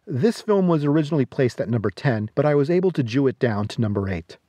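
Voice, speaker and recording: A man's voice: medium pitch, sing-song, fast, dark tone. Sardonic man reading film reviews. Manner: sardonic, jokey asides. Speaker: podcast host. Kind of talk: scripted film review monologue.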